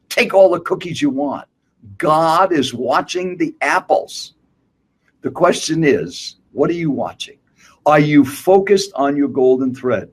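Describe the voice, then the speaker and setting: An older man teaching public speaking, emphatic and direct, asking rhetorical questions. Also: on the high side. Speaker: guest speaker. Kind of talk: motivational speaking coaching.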